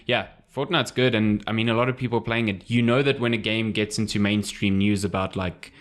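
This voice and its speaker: A man co-hosting a casual gaming podcast, rambling and quick to joke. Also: on the low side, fairly even intonation. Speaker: podcast co-host.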